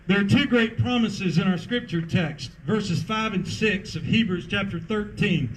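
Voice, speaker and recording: A man with a high voice delivers an outdoor sermon at an unhurried pace, building emphasis through repeated refrains. Faint open-air ambience sits under his words. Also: a little hiss or hum, low-quality recording. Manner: emphatic preaching with rhythmic repetition. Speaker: pastor. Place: outdoor parking lot service.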